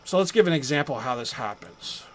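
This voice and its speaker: This recorded classroom lecture has a man teaching psychology loosely and conversationally, tossing in rhetorical asides and acting out angry drivers. His mid-range voice is fast, lively in intonation and a bit bright. The recording is rough, with slight background noise.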